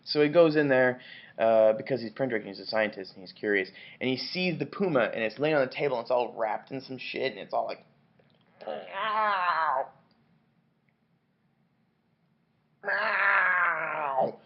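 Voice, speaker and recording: A man who has had a good deal of wine retells a novel in a loose, rambling way, swearing freely and tripping over his own restarts. His voice sits at an ordinary middle pitch. The recording sounds dull and lo-fi. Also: quick pace. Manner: rambling, profane, many restarts and fillers. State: drunk on wine. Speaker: book reviewer. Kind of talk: rambling comic book review.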